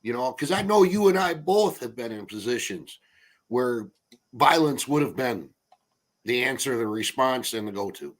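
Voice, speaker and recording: Blunt husky man in casual chat. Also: mid-range voice, animated, moderate pace. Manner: blunt, swears freely, laughs through stories. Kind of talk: casual recovery group chat.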